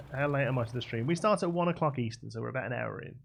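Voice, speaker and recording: A young man talks through a live game stream in a loose, rambling way, answering viewers' messages as they come in. His voice has a gravelly, creaky edge, and soft game music plays behind him. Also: mid-range voice, fast talker. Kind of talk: casual live-stream chat. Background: faint game music.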